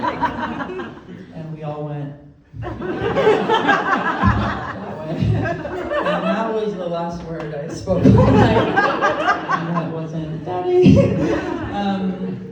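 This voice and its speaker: A woman performing a stand-up comedy set, playful and laughing between punchlines. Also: fairly low pitch. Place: live comedy venue. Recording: echoey room, distant mic, loud noise.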